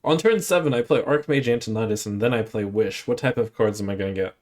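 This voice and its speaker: A man's voice: lowish voice, quick pace, a little mellow. A man streaming a card game, thinking aloud as he weighs each play and second-guesses himself. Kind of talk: casual gameplay commentary.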